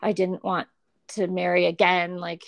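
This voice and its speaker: A guest tells a long personal story in casual conversation, animatedly acting out the voices of people she quotes and laughing often. Her voice is on the low side and creaky, and she speaks a little slowly.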